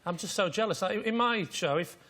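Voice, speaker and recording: A man's voice: high voice, fairly quick. A male comedian guest on a chat show, teasing and mock-exasperated. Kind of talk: comic chat show banter. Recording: loud studio audience and noise.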